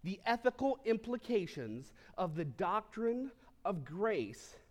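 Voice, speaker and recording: Man, pastor, sermon, slightly higher voice, conversational teaching with asides. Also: very animated, slow.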